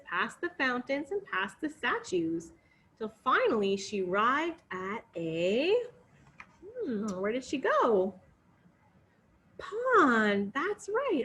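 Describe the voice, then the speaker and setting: A woman's voice: high voice, takes it slowly. Sing-song woman reading a story to kids. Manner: expressive, coaxing, sing-song. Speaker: children's storyteller. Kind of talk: interactive read-aloud for children.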